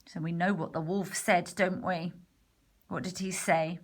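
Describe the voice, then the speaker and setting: A woman narrating a storybook in a soft, partly whispered voice. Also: lowish voice, fairly even intonation, measured pace. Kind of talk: storybook reading.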